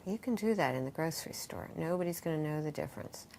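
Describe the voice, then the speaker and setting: A middle-aged woman, a yoga teacher and author, talks in an interview in a lively, expressive way, acting out quoted voices and guiding breathing exercises. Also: deep voice, fast, vocal fry, background noise. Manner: animated, acts out quoted voices, guides breathing.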